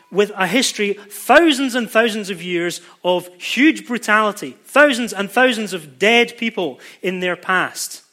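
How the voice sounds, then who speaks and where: A man's voice: sits high, bright, forceful tone. A man preaching a sermon, explaining a Bible passage emphatically and shifting his pace for stress.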